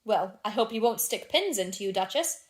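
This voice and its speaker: Woman reading as a charming young Victorian gentleman. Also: mid-range voice, expressive, normal speed, lightly acted. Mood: light.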